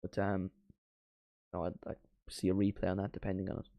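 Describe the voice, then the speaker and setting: Excitable young man commentating live. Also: sits low, brisk, creaky, no room sound, lo-fi sound. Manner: excitable, shouts at big moments, chats to stream viewers. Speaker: watchalong streamer. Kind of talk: live football watchalong commentary.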